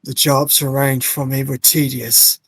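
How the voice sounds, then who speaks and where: A resigned male arena fighter from a game, read by a man on stream, with a husky, breathy edge to his voice. He tries for an Irish accent in a plain, dry close-mic sound. He speaks with calm acceptance at a middling pitch. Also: a little slow, no room sound, full character voice, rough recording. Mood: solemn. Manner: attempts an Irish accent for the role. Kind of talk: voice-acting game dialogue on a livestream.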